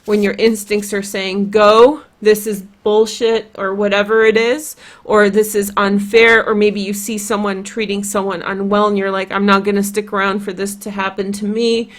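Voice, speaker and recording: A woman's voice: mid-range voice, little pitch movement, normal speed, few pauses. A woman with a Polish accent giving a casual, chatty tarot reading, rambling with lots of "like" and "you know". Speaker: tarot reader.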